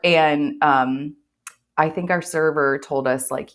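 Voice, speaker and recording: A woman's voice: low voice, expressive, slow pace. A young woman co-hosting a podcast, telling a funny story in a chatty way full of fillers and laughter. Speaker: podcast co-host.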